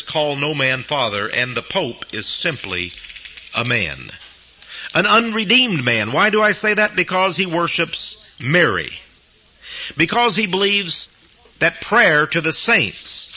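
A man's voice: a little high, pushed and bright, husky, muffled recording. A man preaching a sermon, emphatic, with his voice rising sharply whenever he quotes someone.

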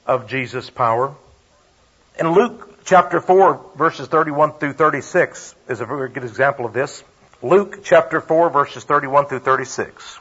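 Emphatic preacher man, bright and husky. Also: on the high side. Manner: emphatic, repeats key phrases, asks rhetorical questions. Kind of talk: sermon with scripture reading and personal story. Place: before a live congregation. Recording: dull lo-fi recording.

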